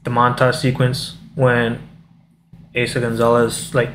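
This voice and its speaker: A man on a laid-back movie podcast, recapping scenes in an easy, mid-pitched voice. Faint background noise sits behind him. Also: completely flat delivery, a little slow, a bit bright. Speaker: podcast co-host. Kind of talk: casual movie discussion.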